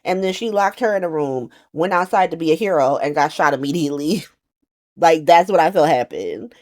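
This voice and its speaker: A woman giving a casual, slangy recap to camera, animated and profane, often laughing and slipping into quick playful voices. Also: low-pitched. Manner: does quick playful voices for quoted characters. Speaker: soap opera recap vlogger.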